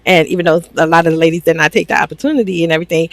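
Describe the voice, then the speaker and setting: A woman's voice: sits low, very fast, dry recording. A woman recapping a reality show in casual, sassy commentary, laughing often and swearing freely.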